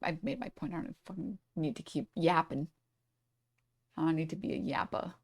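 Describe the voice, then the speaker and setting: A woman's voice: sits low, moderate pace, darkish tone, husky, no room sound. A woman streamer reacting to clips in casual commentary, profane and rambling, cutting herself off mid-thought. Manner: profane, rambling, self-interrupting.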